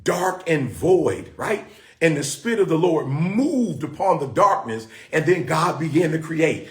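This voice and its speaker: A man's voice: a little high, animated, a little slow, roomy sound. A man hosting a motivational livestream, preaching in a fiery, exclamatory way and repeating his phrases. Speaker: host.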